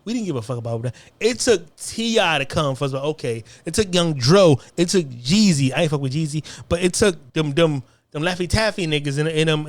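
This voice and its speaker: A man delivering a heated, confrontational monologue, hammering points through repetition. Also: a little high. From United States.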